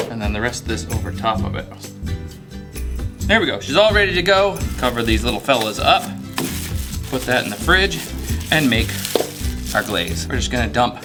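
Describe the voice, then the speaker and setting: A man hosting his own cooking video, chatting casually as he cooks and laughing at his own mistakes. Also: mid-range voice. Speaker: cooking channel host.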